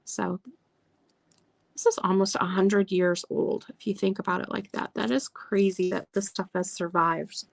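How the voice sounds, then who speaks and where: Slow, gravelly-voiced woman chatting on a live stream. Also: mid-range voice, fairly even intonation, dry recording. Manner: chatty, lingers over details, reads card verses aloud. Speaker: online seller showing vintage items. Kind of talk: casual live sales chat.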